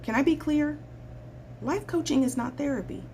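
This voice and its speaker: A woman's voice: high voice, moderate pace, a little mellow, a little hiss or hum. A woman life coach hosting her own show, talking straight to viewers in a blunt, preachy way and repeating points for emphasis. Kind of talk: livestream talk to viewers.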